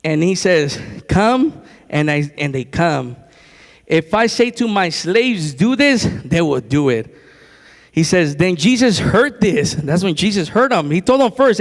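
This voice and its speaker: Male preacher, high voice, excitable conversational delivery, reverberant church hall. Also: a little slow. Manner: excited and conversational, repeats phrases. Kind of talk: sermon. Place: church sanctuary.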